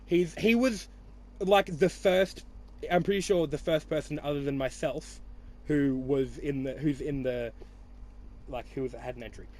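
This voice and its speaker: A young man with an Australian accent and a high-pitched voice rambles through a casual podcast chat. He teases his friends and swears freely, trailing off and restarting as he talks. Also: a little slow, darkish tone. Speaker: podcast host.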